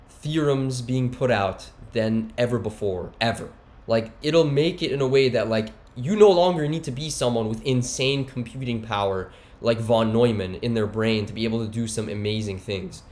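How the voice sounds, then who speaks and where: A man's voice: mid-range voice, moderate pace. A man giving a heated one-take monologue, rambling and slangy with many restarts. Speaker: commentator.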